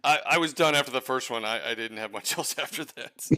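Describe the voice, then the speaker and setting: A man's voice: medium pitch, fairly quick, sharp tone. A tired man running a tabletop game as game master late at night, hesitant and full of fillers. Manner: hesitant, many fillers, self-deprecating. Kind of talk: narrating a tabletop game livestream.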